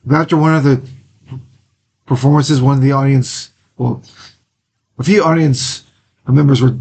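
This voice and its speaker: A man from Wisconsin, a stage actor guest in a casual interview, cheerful and quick to laugh. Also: mid-range voice, steady tone, darkish tone, husky.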